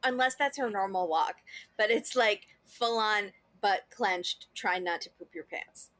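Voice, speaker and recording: A woman's voice: medium pitch, unhurried, a bit bright. A woman guesting on a podcast, trading wry, jokey remarks in casual chat.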